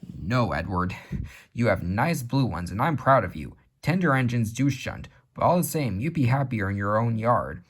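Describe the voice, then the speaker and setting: A man playing a stern railway boss, husky. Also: medium pitch, very animated, normal speed. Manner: severe, formal.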